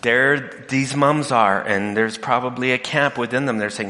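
A man giving an animated talk, his voice bright and forceful. He acts out the people he quotes with jumps in pitch. The sound has a long hall reverb. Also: normal speed. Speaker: speaker. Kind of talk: talk to an audience.

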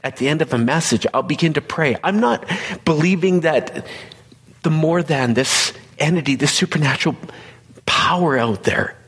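A man, a pastor, giving an earnest, conversational sermon that often drops into hushed, whispered asides. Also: a little high, normal speed, slightly rough, long reverb tail. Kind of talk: personal sermon talk.

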